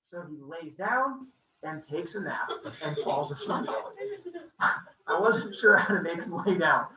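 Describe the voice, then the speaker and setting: A man's voice: fairly high pitch, expressive, a little slow, sharp tone, reverberant, distant mic, lo-fi sound, slight background noise. A man hosting a podcast, retelling a myth in a casual, jokey way with playful sound effects. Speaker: podcast host. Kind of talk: comedic mythology storytelling.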